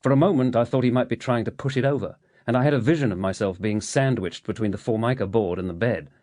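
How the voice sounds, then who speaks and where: A man reading a novel aloud in first person, with measured, steady storytelling. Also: medium pitch, dry recording, clean studio sound. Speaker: audiobook narrator. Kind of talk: scripted first-person narration.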